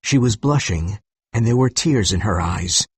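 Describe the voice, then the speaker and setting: Husky male story narrator. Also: on the low side, expressive, normal speed, no echo. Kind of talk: scripted story narration for learners.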